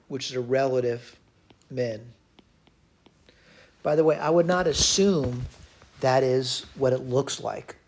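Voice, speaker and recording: A man teaching a recorded math lecture, working through a problem out loud and correcting his own slips as he goes. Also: medium pitch. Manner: talks to himself while working problems, frequent self-corrections.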